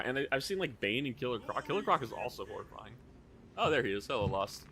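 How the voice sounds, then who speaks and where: A man's voice: medium pitch, big pitch swings, fast talker, sharp tone. A man streaming live, chatting casually while playing, rambling and swearing often.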